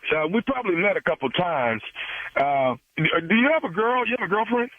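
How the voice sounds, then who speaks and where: A man works a prank call, calm, persistent and pushy. His voice sits a little high and comes through a tinny, dry phone line. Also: moderate pace, no room sound. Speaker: radio prank caller.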